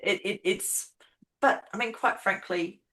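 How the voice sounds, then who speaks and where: A woman's voice: medium pitch, measured pace, bright, forceful tone. A woman guest with an Australian accent, talking frankly and affectionately in a casual conversation.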